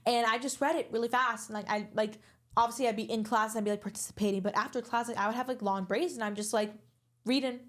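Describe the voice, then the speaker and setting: A woman's voice: on the high side, fairly even intonation, fast, a bit bright. A woman in her twenties, a guest actor on a podcast, talking earnestly and rambling with many fillers. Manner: earnest, rambling, heavy use of "like". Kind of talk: casual interview chat.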